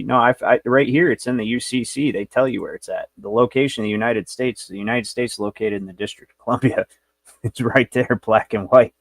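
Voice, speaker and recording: A man's voice: medium pitch, brisk, no echo. A man hosting a livestream, lecturing in a brash, rambling, profane way. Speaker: show host.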